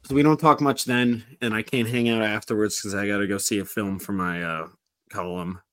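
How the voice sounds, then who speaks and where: A man's voice: fairly low pitch, steady tone, a little fast, a bit bright, no echo. Rambling male podcast storyteller, dry sound. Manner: rambling, full of "like" and restarts. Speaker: podcast co-host. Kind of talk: casual storytelling chat.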